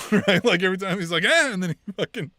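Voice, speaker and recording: A man co-hosting a wrestling podcast, chatting casually and laughing through excitable retellings. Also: sits high, fast, no echo, studio quality. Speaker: podcast co-host. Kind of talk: casual chat.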